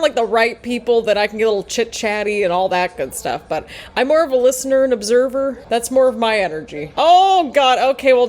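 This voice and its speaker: Woman reaction host, a bit high-pitched, talkative and giggly, casual at-home commentary. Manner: chatty, laughs often, quick play-by-play asides. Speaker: wrestling reaction channel host. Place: at home on her couch.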